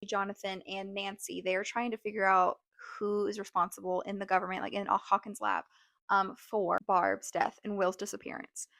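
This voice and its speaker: A woman hosting a casual TV recap vlog, talking in a chatty, animated way with lots of "like" fillers. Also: mid-range voice, normal speed, vocal fry, no room sound, studio quality. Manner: animated, exclaims and laughs. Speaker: show recap host.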